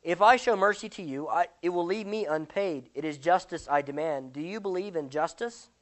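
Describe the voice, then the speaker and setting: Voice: mid-range voice, moderate pace, close to an everyday voice. A speaker reading a parable aloud and voicing a stern male creditor who insists on justice. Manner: firm, insistent.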